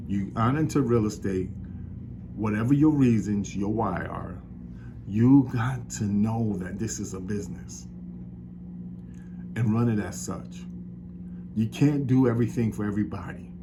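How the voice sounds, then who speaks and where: A man's voice: mid-range voice, noisy background. A man, a real estate agent from New York, talking to camera in an encouraging, preacher-like way. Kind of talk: motivational talk to camera.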